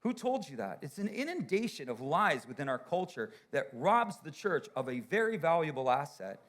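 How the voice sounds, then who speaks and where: A male pastor preaching a sermon, telling a story and acting out the people in it, building to loud, emphatic peaks. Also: fairly high pitch, very animated, normal speed.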